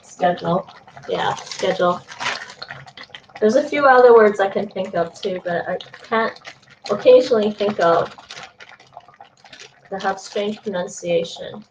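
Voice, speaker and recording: Speaking at a measured pace with frequent pauses, this young woman has a medium-pitched voice. She cooks at home on a live stream, casually chatting with chat readers, thinking out loud and often laughing. The roomy, dull kitchen audio comes from a distant stream mic, with fan noise in the background.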